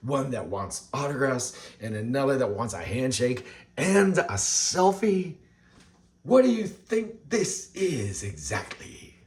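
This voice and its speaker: A man's voice: mid-range voice, big pitch swings, takes it slowly, pitched above the performer's own voice. A man putting on the voices of smug rock band members who order a couple of fans run off, in a sarcastic, dismissive tone. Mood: sneering.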